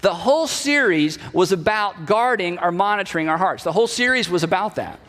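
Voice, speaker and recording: A man's voice: high-pitched, expressive, brisk, fairly bright tone, big-room sound. A male pastor giving a conversational sermon, acting out short bits of inner dialogue.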